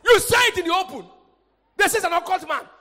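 A male pastor preaching a fervent sermon, jumping from loud shouts down to quiet asides. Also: very high voice, quick pace, slight background noise. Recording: hall reverb.

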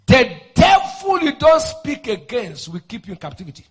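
A man preaching a fiery deliverance sermon, shouting forceful declarations and then dropping into quieter explanation. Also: wildly swooping pitch, moderate pace, background noise. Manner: shouting, forceful declarations, swings to low intensity.

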